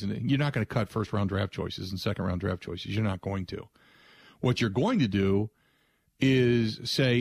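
A man's voice: mid-range voice, measured pace, no room sound. A man hosting sports talk radio, delivering a blunt, emphatic opinion monologue with frequent restarts.

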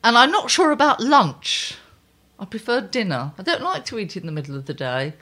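An older woman co-hosting a casual chat, reading her own column aloud in a wry, lively way. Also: fairly high pitch, normal speed.

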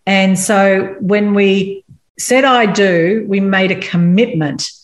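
A woman's voice: mid-range voice, fairly even intonation, slow. A woman speaking on marriage from a Christian view, earnest and candid as she tells stories from her own marriage. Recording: roomy echo.

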